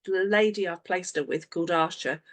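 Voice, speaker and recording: A woman's voice: lowish voice, moderate pace, no echo. A woman coaching her sales team on a video call, acting out sample conversations as she goes. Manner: animated, acts out sample conversations. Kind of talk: online team coaching session.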